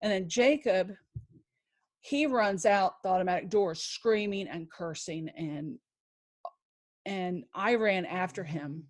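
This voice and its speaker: A woman, a podcast guest, recounting a personal story in an emotional, halting way with many restarts and a faith-filled tone. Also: on the low side.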